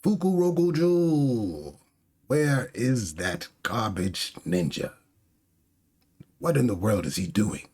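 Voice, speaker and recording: A man's voice: sits low, lively intonation, slow, long pauses, darkish tone, breathy edge, exaggerated voice. A man voicing a panicky, insulting villainous male shogun who shrieks and sputters in frantic outbursts. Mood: furious.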